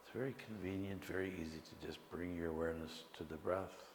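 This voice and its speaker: A man teaching meditation, speaking slowly and calmly with long pauses between phrases. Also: deep voice, a little hiss or hum. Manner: slow, calm, pausing between phrases. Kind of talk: guided meditation lecture. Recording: echoey hall with long reverb, faint ambience.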